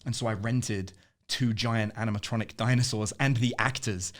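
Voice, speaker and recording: A man in a casual interview, an animated storyteller who laughs often. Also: lowish voice, normal speed. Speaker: interview guest.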